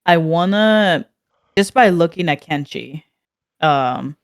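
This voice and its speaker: Clear-voiced hesitant woman player. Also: low-pitched, expressive, slow, no echo, studio quality. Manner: hesitant, stammering restarts. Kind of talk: casual chat.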